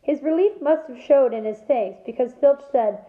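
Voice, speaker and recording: A woman teacher reading a novel aloud to her class in a lively storytelling manner, in an echoey room heard over a thin, phone-like line. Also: sits high, moderate pace.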